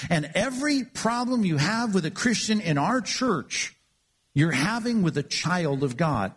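A man's voice: high voice, husky. A man preaching a sermon, earnest and emphatic, often repeating words as he builds his points. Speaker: pastor.

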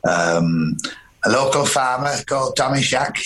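A man's voice: medium pitch, very animated, moderate pace, a bit bright, reverberant, slight background noise, rough recording. A man in his fifties from northern England, a voice impressionist telling stories in a casual interview. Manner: chatty, anecdotal, hesitant restarts. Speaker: impressionist guest.

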